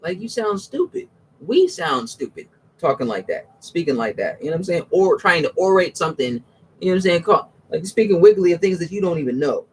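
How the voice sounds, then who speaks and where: Casual male commentator with a high, husky voice who rambles in slang and keeps breaking off his sentences. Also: a little fast. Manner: slangy, repeats "you know what I'm saying", frequent restarts; animated, swings from low mutters to high exclamations. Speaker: religious commentator. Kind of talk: casual spoken monologue.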